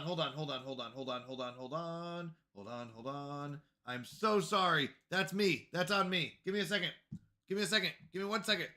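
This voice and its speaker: A man's voice: a little high, moderate pace, bright, forceful tone. A man livestreaming a game, talking casually to his chat in a flustered, apologetic way and repeating himself. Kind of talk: casual live gaming stream chat.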